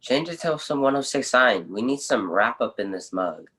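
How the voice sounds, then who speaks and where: Teen guy doing a chill stubborn kid, slangy and blunt, mid-pitched everyday voice, improv stage bit. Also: expressive, normal speed, pushed and bright, husky, low-quality recording. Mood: joking. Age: teens. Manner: casual slangy street talk. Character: laid-back teenage boy Jamal, blunt and stubborn.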